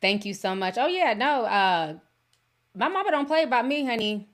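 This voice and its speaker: A woman whose first language is Yoruba, hosting a livestream podcast in casual chat and reading viewer messages, talking in a chatty, animated way with frequent laughs. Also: on the high side, normal speed. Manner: chatty and animated, laughs often, slangy asides.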